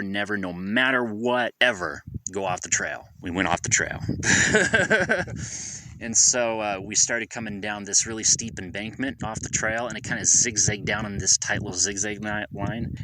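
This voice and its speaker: A man's voice: lowish voice, sharp tone, slight background noise, low-quality recording. A man guesting on a podcast, telling a story casually and chuckling as he goes, with some hedging and restarts. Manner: chuckles through his story.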